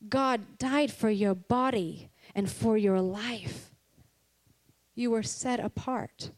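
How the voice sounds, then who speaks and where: A woman's voice: a little high, darkish tone. A woman giving a candid, conversational Christian sermon, earnest and personal, with laughs between her points. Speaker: Christian speaker.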